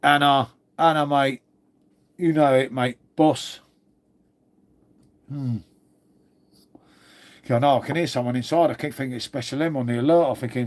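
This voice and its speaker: Hosting a casual livestream, a man from Old Windsor, England, reads out comments, swears a lot, and calls everyone mate. His mid-range voice is fairly even, moderately paced, and broken by frequent pauses, with a London-area accent and a cold-stuffed nose.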